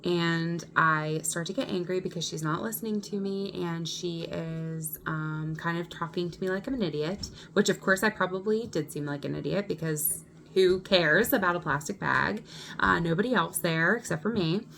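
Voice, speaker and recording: A woman vlogger telling a personal story in an animated, indignant way. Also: lowish voice, normal speed, vocal fry, slight background noise. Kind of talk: storytime vlog.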